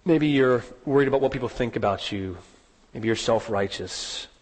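A man preaching a sermon, telling a story with rising dramatic emphasis and slowing down on key words. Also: medium pitch, a little mellow, big-room sound. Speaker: pastor.

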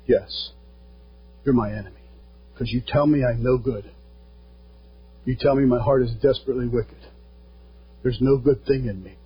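A pastor preaching a sermon, earnest and plain-spoken, quoting scripture along the way. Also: male voice, medium pitch, moderate pace, pauses often, husky. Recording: dull lo-fi sound.

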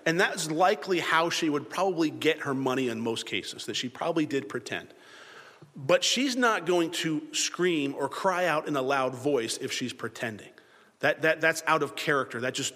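A man delivers a sermon in a lively, animated manner and slips into voices for the biblical characters. His voice sits a little high for a man. The sound rings with long reverb, as in a large hall. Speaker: preacher.

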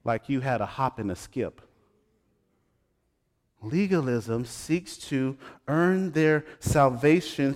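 A pastor preaching a sermon who teases his congregation and swings between hushed asides and loud exclamations. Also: a little high. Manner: talks straight to the congregation, joking and teasing. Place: church sanctuary. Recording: long hall reverb.

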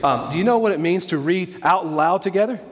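A man's voice: high-pitched, lively intonation, brisk, husky, in a large hall. A man preaching a sermon as pastor, emphatic, repeating key phrases and asking the congregation questions.

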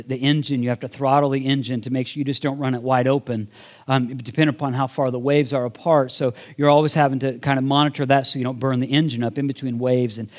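A male pastor giving a sermon, telling a story conversationally and then posing earnest questions. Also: medium pitch.

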